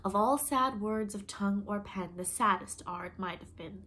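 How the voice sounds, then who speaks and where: A woman's voice: medium pitch, moderate pace, a bit bright, slight background noise, close to an everyday voice. A woman reading the part of a wry young woman speaking in a mock-tragic way.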